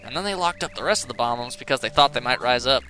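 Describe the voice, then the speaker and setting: A man voicing a perky, strong-willed young female Bob-omb in a video game, raised in pitch and chirpy. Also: lively intonation, fast talker, sharp tone, soft background music. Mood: fed up.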